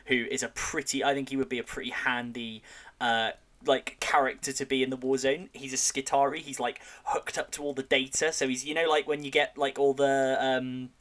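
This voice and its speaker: A man talking as a podcast guest in loose, rambling casual chat, often pausing to search for words. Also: mid-range voice, level tone, a bit bright.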